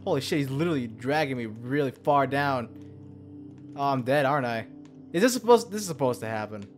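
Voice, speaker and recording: A young man talking his way through a video game, swearing freely and muttering under his breath. His pitch sits in the middle for a man. Faint music plays behind his voice. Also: a little fast. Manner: swears a lot, mutters to himself, sudden yelps of alarm. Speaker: gameplay commentator. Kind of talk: profane let's-play commentary.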